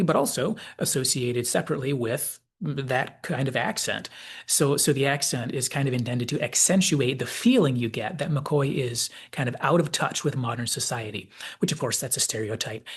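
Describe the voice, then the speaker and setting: A man's voice: medium pitch, slightly rough. A man giving a thoughtful, digressive analysis of a television episode, hedging often. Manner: thoughtful, digressive, with many hedges. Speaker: channel host, commentator.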